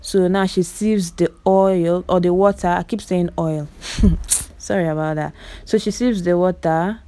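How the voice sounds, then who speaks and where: A low-leaning, dark-toned woman's voice, steady and a little slow, belongs to a vlogger with a Nigerian Igbo accent. Her voice-over on clips is chatty and exclamatory, aimed straight at viewers, with words repeated for emphasis.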